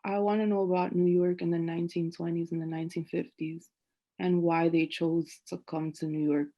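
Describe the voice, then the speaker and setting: A woman's voice: on the low side, flat delivery, brisk, dull audio. A young woman student asking questions in an online class, choosing her words with care. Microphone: video call.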